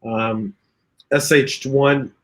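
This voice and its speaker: A man hosting a relaxed livestream and reading viewer comments between jokes, talking in an easy, chatty way. His voice sits in an ordinary middle pitch, as it would over a video call. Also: drawn-out words. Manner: chatty, reads viewer comments aloud, jokey. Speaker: podcast host reading live chat. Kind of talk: casual livestream chat.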